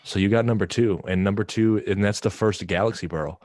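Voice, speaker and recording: A laid-back man with a deep voice, chatting casually on a home livestream. He rambles and repeats himself. His mic sounds dry and close, with no room behind it. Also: steady tone, brisk, a little mellow, no room sound. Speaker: livestream co-host and wood craftsman. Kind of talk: casual stoner chat.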